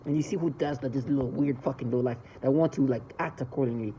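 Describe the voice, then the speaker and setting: A vlogger speaking in an emotional monologue, agitated and swearing, swinging between loud bursts and low mutters. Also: quick pace, slight background noise, low-quality recording.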